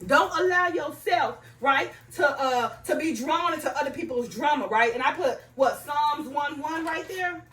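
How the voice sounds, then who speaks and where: A woman talks through a personal lesson about faith, pausing to check that her listeners follow. Her voice sits high and comes across bright. She is a little off the mic, in a room with plenty of echo. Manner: conversational, repeats herself, asks "right?" and "you understand?"; reads scripture aloud in King James wording. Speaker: faith vlogger. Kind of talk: personal spiritual talk to viewers. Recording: echoey room, voice a bit far from mic.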